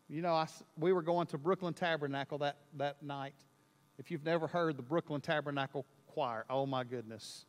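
A man preaching a sermon, telling a story in an animated way and building to loud, emphatic peaks. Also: a little high, normal speed, in a large hall. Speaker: pastor.

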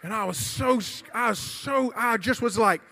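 A man, preaching a youth sermon and telling a story with energetic, shouted bursts. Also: very high-pitched, moderate pace, gravelly. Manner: animated, shouting during the retold confrontation. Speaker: youth pastor. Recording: hall reverb.

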